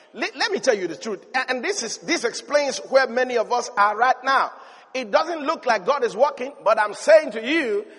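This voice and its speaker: A high-pitched male preacher delivers a fervent sermon. He moves between loud, urgent calls to the congregation and quieter, lower storytelling. His voice rings with the long reverb of a large hall. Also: slightly rough. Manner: passionate, swinging between loud exhortation and low storytelling. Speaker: pastor.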